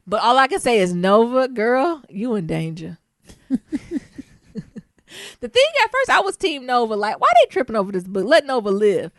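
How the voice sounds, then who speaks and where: A young adult woman co-hosting a podcast in casual chat, animated and slangy, often laughing. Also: on the high side, normal speed, pauses often, no room sound, studio quality. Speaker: podcast co-host.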